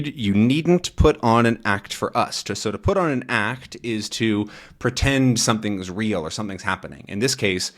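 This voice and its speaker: A man teaching English by reading a comic aloud and explaining it in a relaxed, chatty way with frequent fillers. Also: on the low side.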